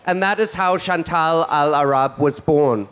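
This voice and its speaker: A man's voice: on the high side, measured pace, fairly bright tone, slight background noise. A man performing in drag as host of a stage comedy show, flamboyant and teasing in a theatrical way. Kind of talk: campy stage stand-up. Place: stage before a live audience.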